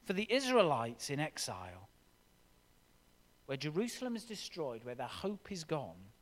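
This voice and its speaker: High, lively preacher in a reverberant hall. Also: male voice, normal speed, long pauses. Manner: dramatic, expressive reading. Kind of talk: sermon with scripture reading. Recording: long reverb of a large hall.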